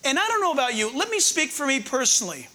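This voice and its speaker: An older male pastor preaching a conversational, humorous sermon, slowing down to read verses with emphasis. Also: extremely high pitch, big pitch swings, bright, forceful tone.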